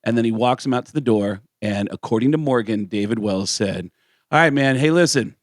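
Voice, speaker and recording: A man co-hosting a radio talk show, telling stories in a lively way and acting out the people he quotes. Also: medium pitch, a little fast, no echo, studio quality. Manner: animated storyteller acting out quotes in voices. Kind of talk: casual storytelling chat.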